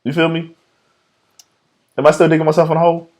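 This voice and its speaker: A man's voice: on the high side, monotone, fast. A man hosting a casual podcast chat, playfully defensive and breaking into laughter often. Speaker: podcast host.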